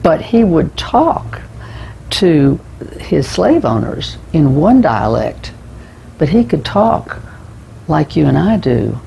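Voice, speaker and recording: Gravelly man giving a rambling book review. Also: a little high, big pitch swings, slow pace, mellow, slight background noise, low-quality recording. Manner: rambling, with restarts and repeated words. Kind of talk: casual spoken book review.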